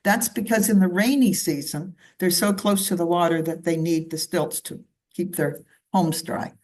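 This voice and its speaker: At a club meeting, a woman from Canada talks through her slides at a normal speed in a low, slightly mellow voice. Her presentation is casual and conversational, sprinkled with asides.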